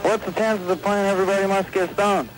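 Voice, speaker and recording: A man calling into a radio show, goofy and excitable. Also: high-pitched, fast, over music, low-quality recording.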